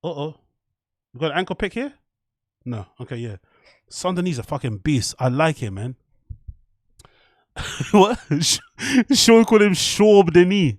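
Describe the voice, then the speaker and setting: A man's voice: fairly high pitch, unhurried, long pauses, dry recording, clean studio sound. A young man, hosting a casual live stream, reacting to chat and a fight, swearing and laughing often. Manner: excitable, swears a lot, laughs often, mock French bits.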